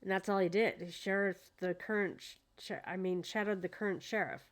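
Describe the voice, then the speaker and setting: A woman reads a deposition aloud at home, breaking off to comment in a casual, incredulous way. She hesitates often and fills her pauses with ums. Her voice sits at an ordinary middle pitch. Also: steady tone. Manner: incredulous, hesitant with many fillers. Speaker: true crime commentator.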